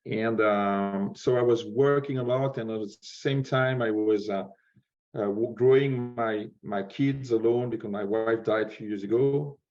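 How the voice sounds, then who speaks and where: A man from France with a French accent, speaking English as a second language, halting and searching for words as a guest speaker. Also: on the low side, darkish tone. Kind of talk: conference talk. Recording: dull lo-fi sound.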